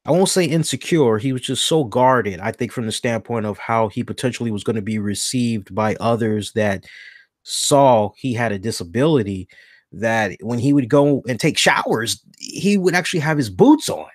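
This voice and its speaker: A man hosting a solo podcast, rambling along in casual talk and stopping now and then to correct himself. His voice sits at an ordinary middle pitch. The recording is dry and close, with no room sound. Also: moderate pace, no echo. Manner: rambling, self-correcting, thinks aloud. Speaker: podcast host.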